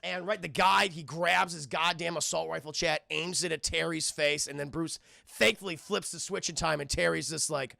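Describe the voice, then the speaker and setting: A man's voice: on the high side, brisk, creaky, pushed and bright, no room sound, clean studio sound. A man streaming a cartoon episode recap, animatedly retelling scenes, acting out characters' lines and swearing as he talks to his chat. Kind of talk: excited live recap chat.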